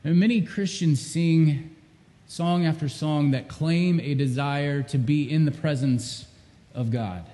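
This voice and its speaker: High-voiced man preaching in a reverberant hall. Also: takes it slowly. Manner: earnest preaching, rising to loud emphatic repetitions, then dropping low and intimate. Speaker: pastor. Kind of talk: sermon.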